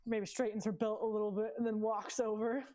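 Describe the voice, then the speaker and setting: A woman's voice: mid-range voice, flat delivery, fairly quick, dark tone. A woman playing a tabletop game who reacts and talks casually. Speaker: player.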